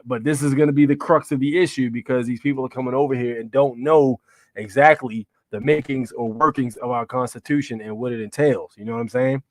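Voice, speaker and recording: A man's voice: a little high, no echo, clean studio sound. Slangy man hosting a live stream. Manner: slangy, rambling, many fillers and "you know what I'm saying". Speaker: livestream host. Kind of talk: casual live-stream commentary.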